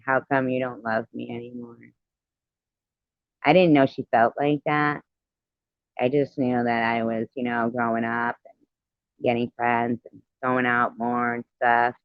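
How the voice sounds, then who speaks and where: A man's voice: medium pitch, completely flat delivery, unhurried, clean tone, no echo, highs cut off. A man telling a personal story to viewers in a casual, rambling, heartfelt way, with many "you know" fillers.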